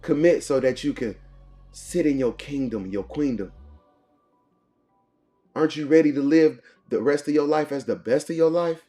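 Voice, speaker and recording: A man's voice: a little high, moderate pace, long pauses, mellow, faint music behind. Preachy motivational man, punchy cadence. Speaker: motivational morning show host. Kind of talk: motivational talk.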